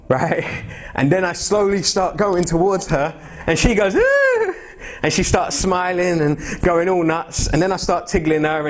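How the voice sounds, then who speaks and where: A young man preaches in a church, his voice sitting a little above the usual male pitch. He talks to his congregation in a relaxed, conversational way and keeps putting questions to them. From England. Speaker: pastor. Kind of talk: expository sermon.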